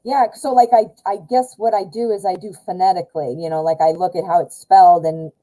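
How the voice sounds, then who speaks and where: A woman's voice: lowish voice, steady tone, a little fast, rough recording. Chatty American woman reading tarot live. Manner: chatty, warm to chat, many fillers and self-corrections. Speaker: tarot reader, live stream host.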